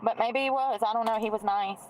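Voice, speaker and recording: A woman's voice: on the high side, fairly even intonation, brisk, slight background noise, low-quality recording. A woman chatting casually while doing her makeup, musing aloud and trailing off mid-sentence. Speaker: streamer.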